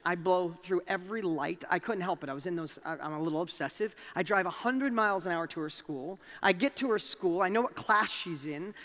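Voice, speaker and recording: A man with a New York accent delivers a motivational talk, recounting a personal story with animated, emphatic rises in his high-pitched voice. He's speaking in a large hall.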